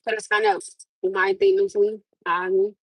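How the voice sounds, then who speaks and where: A woman's voice: medium pitch, moderate pace, no room sound, rough recording. A woman in her thirties hosting a livestream, telling a casual story to viewers with lots of laughter and swearing. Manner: animated, laughs often, swears. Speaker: livestream host.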